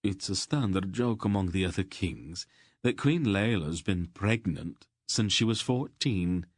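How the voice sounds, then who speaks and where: A man's voice: sits low, animated, measured pace, no echo, clean studio sound. A man reading the part of a sly, worldly nobleman, speaking in a wry, matter-of-fact way.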